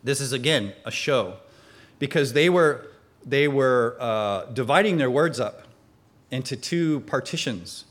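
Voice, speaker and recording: A man's voice: medium pitch, lively intonation, a little slow. A man teaching a Bible study, explaining the text earnestly and asking rhetorical questions as he goes.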